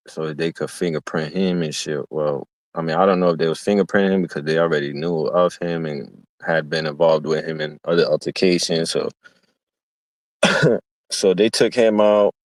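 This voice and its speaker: Deep-voiced man telling a rowdy street story. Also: darkish tone, dry recording. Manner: profane, rambling street-talk storytelling; acts out quoted voices. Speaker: streamer. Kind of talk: casual storytelling. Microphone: streaming mic.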